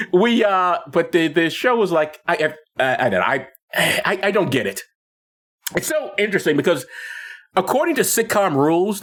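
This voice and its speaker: A man co-hosting a podcast, retelling a film in casual chat with lots of restarts and laughs. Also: high-pitched. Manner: animated, halting retelling with many restarts and laughs. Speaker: podcast co-host.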